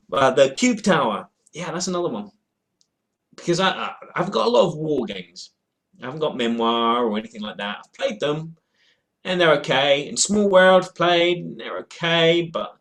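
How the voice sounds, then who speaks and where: A man's voice: a little high, fairly bright tone. A man talks to his webcam at home, wandering from thought to thought and often stopping to restart a sentence. His delivery is loose and unscripted, full of ums and trailing asides, like a casual chat with viewers. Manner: rambling and hesitant, with many fillers and restarts. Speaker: board game vlogger. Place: at home in front of a game shelf.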